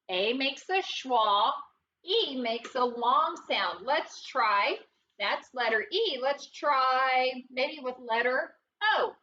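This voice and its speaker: A woman teaching a phonics lesson, patient and deliberate, repeating words aloud and asking the students questions. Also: high-pitched, bright, forceful tone, distant mic, muffled recording, slight background noise. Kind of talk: slow, deliberate classroom instruction.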